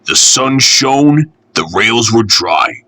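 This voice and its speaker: Slow, expressive male storyteller. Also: medium pitch, no room sound. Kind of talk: children's storybook reading.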